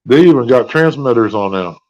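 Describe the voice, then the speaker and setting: A man hosting a live stream, chatting in a slow, folksy drawl. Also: mid-range voice, lively intonation, a little mellow, lo-fi sound. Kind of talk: casual chat. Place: hospital room.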